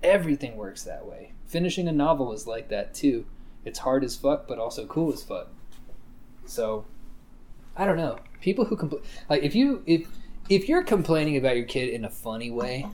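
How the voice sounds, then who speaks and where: A man co-hosting a casual podcast, rambling and swearing freely in loose banter while minding his toddler. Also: mid-range voice. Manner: rambling, profane, lively banter. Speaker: podcast co-host.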